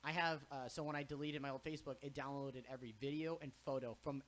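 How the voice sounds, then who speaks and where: Animated young man telling stories. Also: medium pitch, fast talker. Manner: animated storyteller, swears freely, acts out quotes. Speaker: podcast host. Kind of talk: casual chat.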